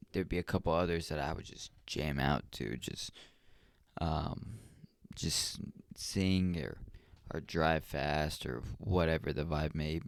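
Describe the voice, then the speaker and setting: Young guy podcasting solo, really low gravelly voice, dry sound, keeps yawning. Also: dry recording. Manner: rambling and reflective, with many ums and restarts. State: yawning often. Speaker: podcast host. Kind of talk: casual solo podcast talk.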